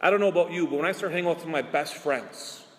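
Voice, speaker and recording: A priest giving an earnest sermon, asking rhetorical questions and drawing out his key words slowly. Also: a little high, in a large hall. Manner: earnest preaching with rhetorical questions and slow emphatic endings.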